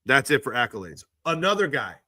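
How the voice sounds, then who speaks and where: A man hosting a casual live stream from his phone, reading out statistics and ranting in exasperation, his pitch jumping high when he gets indignant. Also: sing-song, fairly quick, sharp tone, no echo, studio quality. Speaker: livestream host. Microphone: handheld phone.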